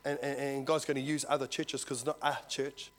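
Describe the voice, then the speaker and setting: A man preaching a sermon, telling a story and swinging from loud to hushed. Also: mid-range voice, flat delivery, a little fast. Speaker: visiting preacher.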